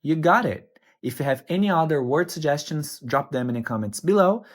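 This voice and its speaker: A man giving a scripted pronunciation tutorial, upbeat and repeating words slowly and carefully. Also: a little high, expressive. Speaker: pronunciation teacher.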